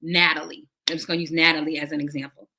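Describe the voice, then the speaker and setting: A woman preacher telling her testimony to a livestream audience, animated and acting out the conversations as she goes. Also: deep voice, fast. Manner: animated storytelling that acts out dialogue and addresses listeners as y'all. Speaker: prophet and preacher.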